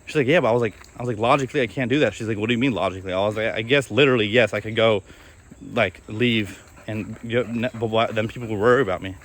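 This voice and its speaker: A young man talking candidly in a personal vlog, in a flat, halting way with many restarts as he reflects on himself. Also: on the low side. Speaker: video creator.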